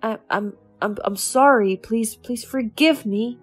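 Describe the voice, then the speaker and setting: A woman's voice: on the high side, a little slow, soft background music, natural voice. A woman reading the lines of a remorseful, ruined ex-husband who stammers and pleads for forgiveness, in a storytelling voice. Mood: pleading. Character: remorseful ruined middle-aged ex-husband, man.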